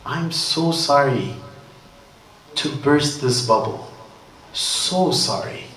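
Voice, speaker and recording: This sermon comes from a man with a mid-range, fairly bright voice who takes his time, telling stories casually and with jokes at a religious gathering. The distant mic picks him up from afar in a roomy hall.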